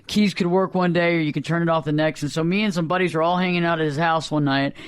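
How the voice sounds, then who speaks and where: High-voiced man telling a wild story. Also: fast talker, clean tone, dry recording. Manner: animated, acts out voices in anecdotes. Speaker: radio talk show host. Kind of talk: casual storytelling chat.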